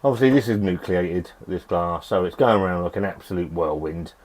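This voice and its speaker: A man's voice: low voice, fairly quick, a little mellow. A middle-aged man grumbling and swearing through a rambling, casual beer review in his shed. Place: home shed.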